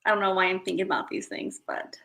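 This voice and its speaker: A woman's voice: medium pitch, steady tone, quick pace, creaky, fairly bright tone, soft background music, low-quality recording. A woman in her thirties chatting casually with her stream viewers, rambling and self-deprecating. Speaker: live streamer.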